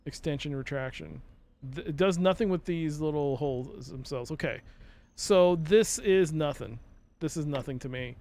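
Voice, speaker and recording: Young guy streaming a game, a bit high-voiced, rambly and self-mocking, lots of uhs, talks to himself and chat. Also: normal speed, a little mellow. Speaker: streamer playing a game live. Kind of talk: casual live-stream commentary.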